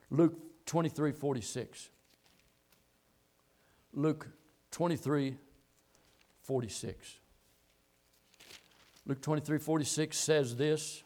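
A male pastor preaching a sermon, moving from low, quiet asides to loud, impassioned passages. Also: slow pace, long pauses.

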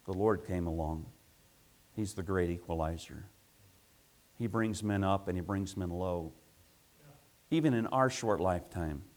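A man preaching a sermon as pastor, building to loud emphatic peaks and asking rhetorical questions. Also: low-pitched, measured pace, pauses often.

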